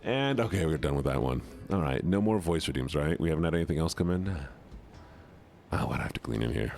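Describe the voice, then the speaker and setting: A man's voice: a bass voice, animated, brisk, vocal fry, a little mellow, soft background music. A man, a streamer and voice actor, chatting casually with his viewers while playing a game. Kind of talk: casual gaming livestream chat.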